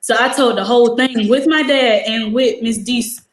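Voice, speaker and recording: A teenage girl and high school student, telling a story in casual chat, acting out the dialogue with lots of fillers. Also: moderate pace, reverberant, poor audio. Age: teens. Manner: animated, acts out quoted dialogue, many "like" fillers.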